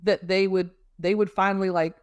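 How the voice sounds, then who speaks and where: A woman's voice: medium pitch, little pitch movement, moderate pace, clean tone, no room sound. A woman speaking as a guest on an interview show, explaining emotions in a conversational way with many fillers and homely images. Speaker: guest expert on emotional regulation. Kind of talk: casual explanatory interview talk.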